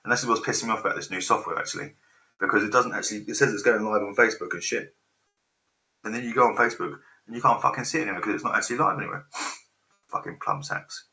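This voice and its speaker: Man in his forties, live-stream host, rambling and sweary, lowish voice, very sharp tone, echoey room. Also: rapid-fire. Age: 40s. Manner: swears freely, distracted by tech trouble. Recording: roomy echo.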